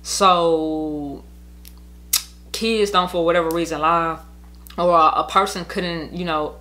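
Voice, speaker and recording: A woman's voice: deep voice, bright, forceful tone. A woman venting in a rambling, profane monologue about her own story. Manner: rambling, profane, heated, with many "like" fillers. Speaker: podcast host telling her own story.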